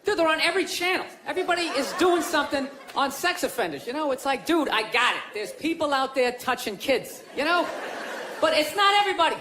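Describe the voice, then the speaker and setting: Male stand-up comic, sarcastic ranter, high voice, noisy live club recording. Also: lively intonation, brisk, a crowd in the background. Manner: sarcastic, rambling, mock-complaining. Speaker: stand-up comedian. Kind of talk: stand-up routine. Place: comedy club stage.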